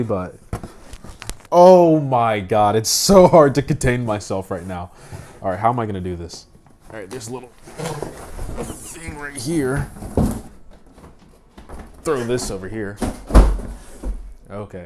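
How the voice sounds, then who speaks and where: A man doing a casual late-night unboxing at home. He is slightly out of breath and swings between quiet asides and loud excited exclamations. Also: lowish voice, slight background noise. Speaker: tech unboxing vlogger.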